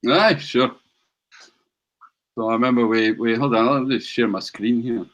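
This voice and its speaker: A Scottish man joins a livestream as a guest, talking in an easygoing way and laughing often as he explains things. His voice has a middle pitch, heard over a video call. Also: fairly even intonation, moderate pace, a bit bright. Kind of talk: casual livestream chat.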